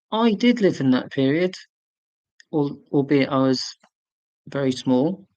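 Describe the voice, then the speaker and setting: A man's voice: a little high, lively intonation, unhurried, pauses often, a little mellow, no room sound, lo-fi sound. A man in his forties hosting a casual live stream. He rambles chattily, answering viewer comments with fillers and self-corrections. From United Kingdom.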